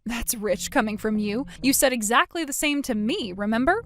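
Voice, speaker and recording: A woman telling her own story in the first person, cold and cutting toward others, calm when narrating. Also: a little high, moderate pace, hardly any pauses.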